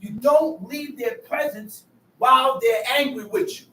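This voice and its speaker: A man preaching from scripture to a group, repeating verses back in a loud, emphatic voice. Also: extremely high pitch, measured pace, echoey room, distant mic, slight background noise, rough recording. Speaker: street preacher teaching from scripture. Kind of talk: call-and-response sermon.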